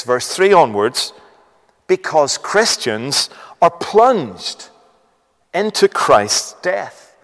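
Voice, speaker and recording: Emphatic preacher with rhetorical questions. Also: male voice, medium pitch, long reverb tail. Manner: emphatic, rhetorical questions, reads scripture aloud. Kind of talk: sermon.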